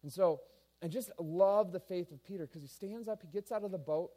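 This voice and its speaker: A male pastor giving a sermon in a casual, animated storytelling manner. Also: high-pitched, fairly quick.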